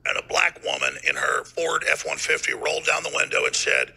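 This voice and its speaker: A raspy, heavily gravelly man rants on his talk radio show, his voice tense and forceful. He swings wildly between low growls and high bursts, often breaking into shouts. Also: wildly swooping pitch, a little fast, few pauses. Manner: fiery, ranting, bursts of shouting. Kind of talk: heated talk radio monologue.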